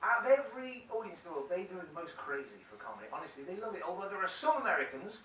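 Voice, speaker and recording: A man's voice: high voice, sing-song, rapid-fire, distant mic. A man from England doing live stand-up, chatting with and teasing the audience and laughing at his own jokes. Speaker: stand-up comedian. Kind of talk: live stand-up crowd work. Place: large theatre on a cruise ship. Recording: echoey hall heard from afar, loud noise.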